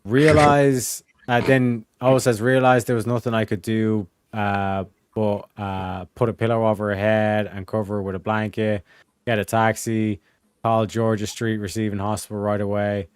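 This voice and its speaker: A young man with a smooth, clear voice reads old case notes aloud in a dry, close recording. He stumbles through with fillers and frequent swearing, pitched a bit low. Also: flat delivery, dry recording. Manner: profane, halting, reads with fillers. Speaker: host reading case files. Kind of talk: casual chat reading transcripts aloud.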